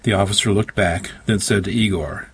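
A man's voice: lowish voice, steady tone, normal speed, slightly rough. A man reading a story aloud in a dry, wry first-person narration. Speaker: audiobook narrator. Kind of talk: scripted narration.

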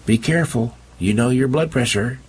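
A man's voice: normal speed, a little mellow, husky, natural voice. A man voicing a frightened, fussing older woman homeowner who shrieks and frets. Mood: shrill alarm. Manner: shrill, fussing.

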